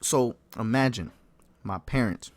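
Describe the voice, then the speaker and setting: A young man in a casual storytime vlog, slangy and animated, swearing often and calling the listener folk and bro. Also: medium pitch, unhurried, no echo. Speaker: vlogger.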